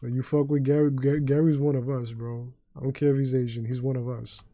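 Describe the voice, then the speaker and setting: A man's voice: medium pitch, level tone, fairly quick, mellow, no room sound. A man from New York City with a New York accent, chatting casually on a game livestream and telling rambling, profane stories full of restarts. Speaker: streamer.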